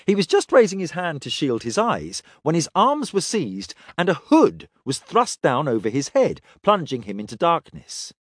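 Expressive male audiobook narrator. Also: fairly high pitch, moderate pace, hardly any pauses, no room sound, clean studio sound. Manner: expressive, dramatic storytelling. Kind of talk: scripted fiction narration.

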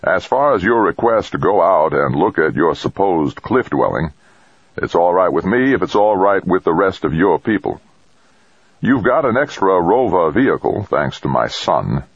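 A man's voice: low-pitched, big pitch swings, normal speed, slightly rough, no room sound, pitched above the performer's own voice, heavily acted. A man reading an audiobook, voicing a domineering older businessman with a dismissive manner. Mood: blunt. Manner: dismissive, commercial-minded. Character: older male tycoon, blunt and domineering. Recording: dull dry lo-fi recording.

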